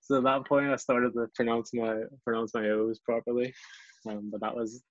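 A man with a Northern Irish accent chatting casually as a guest, relaxed and self-deprecating, often restarting his sentences. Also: medium pitch, normal speed, no echo. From Northern Ireland. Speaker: guest, English teacher abroad. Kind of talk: casual chat. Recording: dull lo-fi recording, dry.

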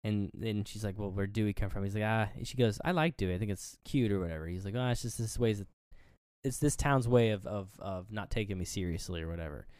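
Going through a film scene by scene, this man co-hosting a podcast voices the characters' quotes with sudden pitch jumps, his retelling animated, loose, profane, and full of fillers. His clean-toned voice moves fairly quickly, recorded in clean studio sound with no room sound.

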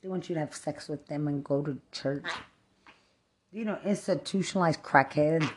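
A woman's voice: deep voice, normal speed, a little mellow, slight background noise. A woman from Texas, delivering a profane, rambling rant, angry and cursing as she jumps from one thought to the next.

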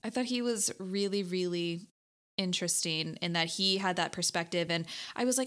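A woman's voice: on the low side, moderate pace, fairly bright tone, clean tone. Chatty woman gushing about a movie. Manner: chatty, enthusiastic, laughs often. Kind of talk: casual movie discussion.

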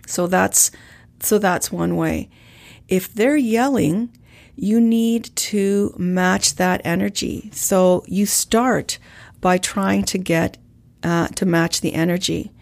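Woman coach, calm and measured, low voice, slow delivery. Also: gravelly. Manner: calm, measured, acts out sample lines. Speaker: communication coach. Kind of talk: instructional talk with role-play examples.

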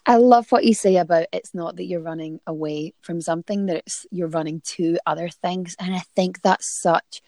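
A woman's voice: fairly low pitch, normal speed, few pauses, darkish tone, dry recording. A woman hosting a podcast interview, responding in an affirming, thoughtful way. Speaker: podcast host. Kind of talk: casual interview chat.

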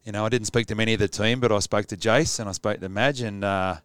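A man's voice: lowish voice, fairly even intonation, fast talker, fairly bright tone, clean tone, dry recording. An Australian man co-hosting a radio show, matey and chatty in casual studio talk. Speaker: radio co-host.

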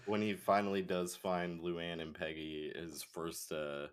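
Podcast guest guy, lowish voice, kinda hesitant, laughs easy. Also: little pitch movement, unhurried, smooth. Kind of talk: casual podcast chat.

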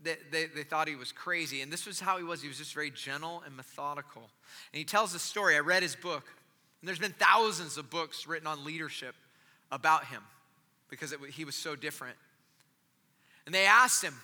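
Male pastor telling a story in a sermon, sharp bright voice, echoey big room. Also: on the high side, brisk. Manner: animated, drops to soft gentle tones.

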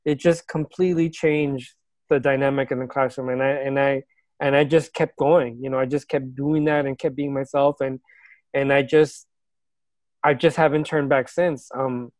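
A man's voice: medium pitch, fairly even intonation, moderate pace, a little mellow, no room sound. A man, a teacher, telling a personal story in a casual, earnest and reflective way, laughing now and then.

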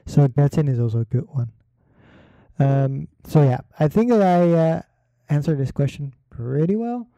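A man hosting a casual solo talk, rambling with many fillers and pauses in a relaxed delivery. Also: on the high side, no echo. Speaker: podcast host.

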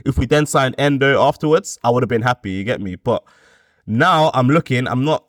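A man's voice: mid-range voice, brisk, no echo, clean studio sound. A man thinking aloud about football on a podcast, hesitant and full of slang like "you get me". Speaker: podcast guest pundit. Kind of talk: casual football chat.

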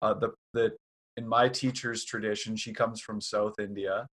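Soft-spoken hesitant male interviewer. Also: on the low side, level tone, moderate pace, breathy edge. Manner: warm, hesitant, searching for words. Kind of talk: conversational interview.

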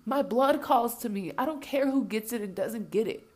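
A woman's voice: a little high, animated, moderate pace, a little mellow, breathy edge. A woman delivering an impassioned spoken rant, blunt and heavily profane, hammering points home by repeating herself.

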